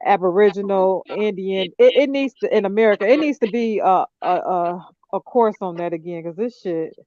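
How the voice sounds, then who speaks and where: A woman's voice: medium pitch, moderate pace, dark tone, no room sound. A woman in casual chat, exasperated and cursing, often laughing. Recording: dull lo-fi dry sound.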